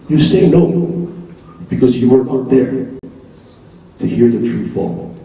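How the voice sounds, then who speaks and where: A man giving an animated speech to a live audience, repeating himself and asking rhetorical questions. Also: medium pitch, measured pace, long pauses. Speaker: conference speaker. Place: large conference hall. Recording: echoey hall from far off.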